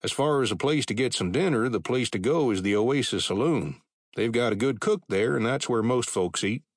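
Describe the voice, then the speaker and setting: A man doing a squeaky, nervous young deputy. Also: expressive, normal speed, slightly rough, no room sound, studio quality. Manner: squeaky, flustered.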